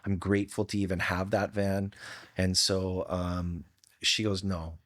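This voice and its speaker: A man's voice: sits low, level tone, unhurried, fairly bright tone, dry recording. A middle-aged man from Hawaii, a podcast guest telling personal stories in an earnest, heartfelt way with casual slang. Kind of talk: candid storytelling.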